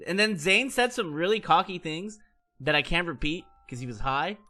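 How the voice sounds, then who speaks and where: Hyped guy with a high, bright voice telling party stories on stream, faint music behind. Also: moderate pace. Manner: excitable, swears, acts out quotes with big pitch swings. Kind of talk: animated storytelling recap.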